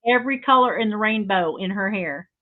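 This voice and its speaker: A woman's voice: medium pitch, lively intonation, fairly quick. An older woman co-hosting a craft stream, gushing and rambling with many fillers. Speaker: co-host. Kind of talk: casual chat. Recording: tinny phone-like remote line.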